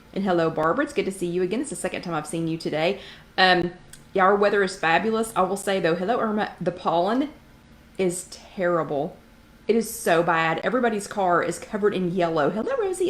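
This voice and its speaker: A middle-aged woman hosts a live online chat. She talks casually and chattily, greeting viewers by name and filling pauses with ums. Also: mid-range voice. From Knoxville, Tennessee. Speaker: livestream host.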